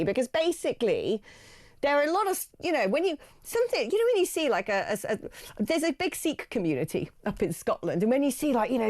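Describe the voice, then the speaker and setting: Chatty radio host, bright-voiced woman. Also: on the high side, dry recording, studio quality. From Gloucester, England. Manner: chatty, quick reactions, reads out texts. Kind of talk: phone-in radio chat. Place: radio studio.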